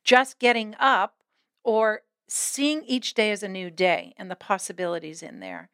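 A woman's voice: mid-range voice, expressive, a little slow, fairly bright tone, clear, resonant tone, dry recording, clean studio sound. A woman hosting an interview, asking questions and reflecting on the answers in an affirming way. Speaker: interview host. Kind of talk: conversational interview.

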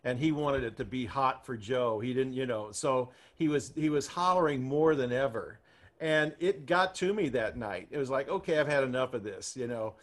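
A man recalling his bandleader in casual storytelling, with a lot of laughter, and his voice climbing high whenever he quotes someone. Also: moderate pace. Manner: animated, laughing, voice climbs high when quoting.

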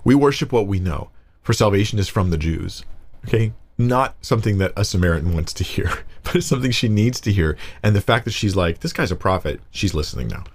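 A man, a pastor, explaining a Bible passage in a casual, conversational way, reading verses aloud and getting animated when he paraphrases. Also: fairly low pitch, brisk.

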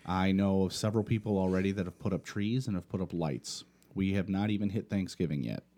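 Man ranting profanely, low mellow voice. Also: brisk. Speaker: podcast host. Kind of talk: casual podcast rant.

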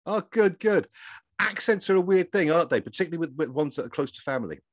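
Fast-talking male interviewer. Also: a little high, lively intonation. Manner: conversational, restarting phrases. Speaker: podcast host, interviewer. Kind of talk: casual interview.

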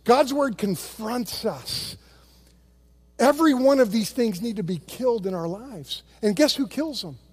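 A man preaching a sermon as pastor, telling stories with many restarts and quick impressions of other people. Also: extremely high pitch, husky. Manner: animated storytelling with repeated restarts; imitates other voices in quotes.

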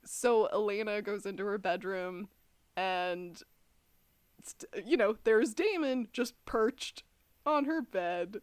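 Woman, young adult, podcast co-host, casual recap chat, animated, dry close sound. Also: mid-range voice, slow pace, clean tone, no room sound. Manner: animated, laughs often, acts out quotes.

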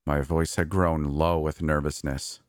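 A man reading a first-person horror story aloud in a calm, measured way. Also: rumbling low, no room sound, studio quality. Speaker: narrator.

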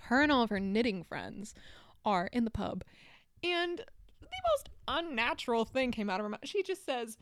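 Young woman podcast co-host, animated and chatty, close dry mic, lively pitch. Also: moderate pace, no room sound. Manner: animated, chatty, many fillers and restarts. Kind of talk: casual chat.

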